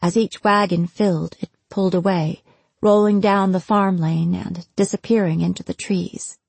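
A woman narrating an audiobook in an even, measured reading. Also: fairly low pitch, vocal fry, husky, dry recording. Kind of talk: scripted narration.

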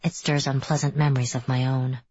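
A woman reading a first-person audiobook in a measured, descriptive storytelling manner. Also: very deep voice, level tone, darkish tone, slightly rough, no echo. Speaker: audiobook narrator. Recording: dull, dry studio recording.

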